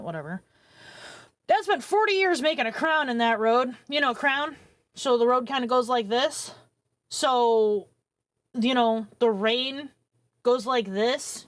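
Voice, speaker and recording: A woman in her thirties, a streamer telling a long personal story to her viewers in a profane, rambling, animated way. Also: sits high. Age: 30s.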